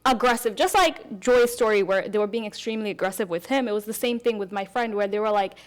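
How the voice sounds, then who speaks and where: A young adult woman hosting a casual podcast chat, telling stories with lively acted-out dialogue. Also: medium pitch, fast talker. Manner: animated storyteller, acts out quoted dialogue. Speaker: podcast host.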